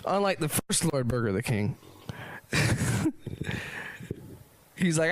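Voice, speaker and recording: A man's voice: a little high, sing-song, takes it slowly, long pauses, no echo, low-quality recording. A man improvising a rambling comic story as a podcast host, laughing often and swearing.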